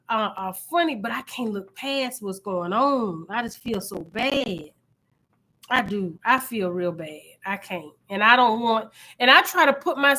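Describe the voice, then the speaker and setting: A middle-aged woman talks with her viewers in a casual live stream. Her voice is bright and slightly high, loud and animated, and she repeats phrases often as she chats. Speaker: channel host.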